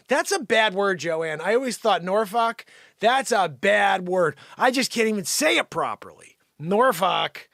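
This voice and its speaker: A man hosting an improvised comedy news bit, loudly ranting with sudden shouts and then dropping to low mumbled asides. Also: creaky, dry recording, clean studio sound. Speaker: comedy show host.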